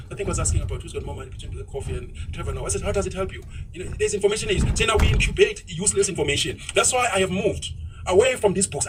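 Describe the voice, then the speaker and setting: Fast-talking South African man, high voice. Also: far from the mic, background noise. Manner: rapid, outspoken, mixes in Zulu words. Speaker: vlogger. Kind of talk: casual opinionated monologue while driving. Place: inside a moving car.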